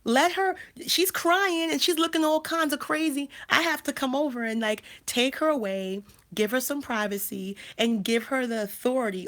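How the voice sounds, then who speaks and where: A woman's voice: sits high, normal speed, few pauses, fairly bright tone. A woman in her thirties hosting a casual livestream, talking emphatically and repeating phrases with frequent restarts. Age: 30s. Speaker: life coach and channel host.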